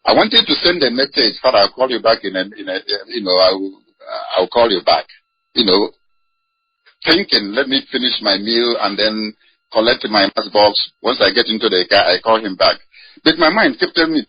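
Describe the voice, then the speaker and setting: A man's voice: fairly low pitch, brisk, slightly rough, dry recording. A man, a Catholic priest, recounting a phone call in a spoken personal account, full of restarts and quoted dialogue.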